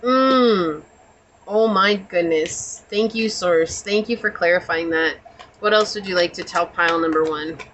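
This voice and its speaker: A woman gives a pick-a-card tarot reading in a bright, clear voice. She talks in a chatty, reassuring way, full of casual fillers and spiritual encouragement. A faint hiss of noise sits under the recording. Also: lowish voice, unhurried, low-quality recording. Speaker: tarot reader.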